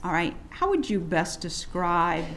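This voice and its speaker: Woman attorney in court: lower voice, measured questions, lots of "okay", faint hiss underneath. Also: sing-song, a bit bright. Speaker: defense attorney. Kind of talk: courtroom direct examination.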